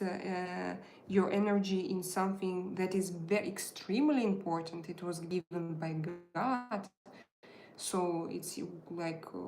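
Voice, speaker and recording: During a casual live tarot stream, the female host, a tarot reader with her own channel, hesitates often, uses many filler sounds and phrases things in a non-native way. Her pitch is mid-range and her tone darkish; a slight hiss or hum and roomy echo color the audio.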